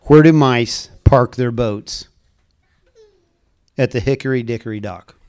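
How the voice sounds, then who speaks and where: A man's voice: mid-range voice, measured pace, darkish tone, clear, resonant tone. An older man speaking to a church group in a casual, rambling storytelling way, chuckling at his own puns.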